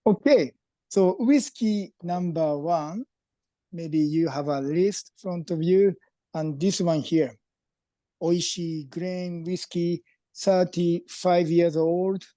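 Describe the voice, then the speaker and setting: Man with a Japanese accent, slow delivery, mellow tone, dry video call sound; joking guest host of a whisky tasting. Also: a little high, no echo. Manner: joking, halting English. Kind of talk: online whisky tasting talk.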